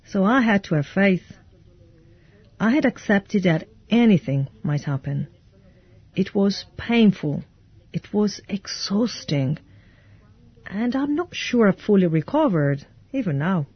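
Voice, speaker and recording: Husky-ish woman doing translated voice-over, calm, dry muffled sound. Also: mid-range voice, takes it slowly, no echo. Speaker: interpreter voice-over.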